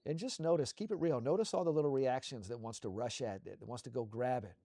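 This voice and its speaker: A man co-hosting a show, leading a slow guided visualization with soothing, repetitive coaching cues. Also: medium pitch, mellow, no room sound, clean studio sound.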